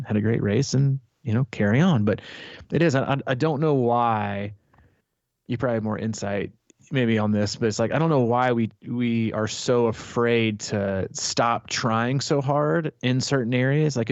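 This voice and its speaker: A man's voice: mid-range voice, a little mellow, dry recording, highs cut off. A man coaching triathletes as a podcast host, talking casually and rambling with many fillers and restarts.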